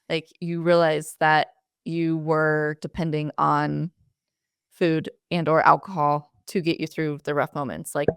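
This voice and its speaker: A woman with a very low, smooth voice hosts a podcast conversation. She talks casually and fills her sentences with "like". The sound is dry and close, with no room echo. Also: a bit bright. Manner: chatty, with frequent "like" fillers. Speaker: podcast host. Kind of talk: casual chat.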